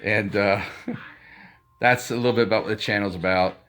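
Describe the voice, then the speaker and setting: A man's voice: fairly low pitch, steady tone, normal speed, a bit bright, faint music behind. A man in his fifties chatting casually to his channel, rambling with lots of fillers and restarts. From United States. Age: 50s. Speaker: vlogger. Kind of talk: casual chat.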